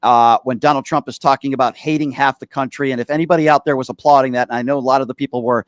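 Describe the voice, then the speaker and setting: A man's voice: medium pitch, steady tone, very fast, dry recording, clean studio sound. Blunt, heated male radio host. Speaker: radio talk show host. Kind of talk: political call-in talk.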